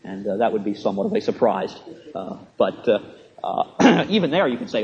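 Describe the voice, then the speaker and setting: Male lecturer, measured and halting, dry humor, lo-fi dull recording. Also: fairly low pitch, big pitch swings, a little mellow. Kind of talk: classroom lecture.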